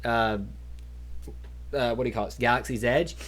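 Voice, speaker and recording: A man's voice: mid-range voice, steady tone, moderate pace, a bit bright. A man hosting a live trivia stream in casual chat, rambling onto tangents. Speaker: trivia host.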